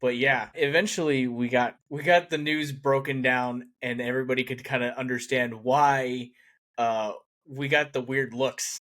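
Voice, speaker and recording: A man's voice: mid-range voice, steady tone, normal speed, fairly bright tone. A man hosting a podcast, chatting easily and laughing along with his guest. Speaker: podcast host. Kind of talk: casual chat.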